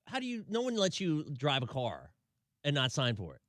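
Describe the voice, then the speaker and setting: Guy host, kinda high, expressive voice, disbelieving, dry mic. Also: no echo. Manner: incredulous, quick questions. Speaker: radio host. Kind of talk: casual chat, reading a listener story.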